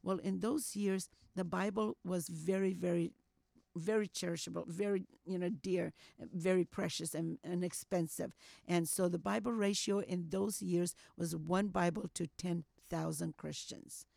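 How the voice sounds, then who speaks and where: Older woman telling a story, gravelly low voice. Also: a little slow, dry recording, studio quality. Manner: animated storyteller, acts out quotes with lots of "you know". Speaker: interview guest. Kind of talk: storytelling testimony.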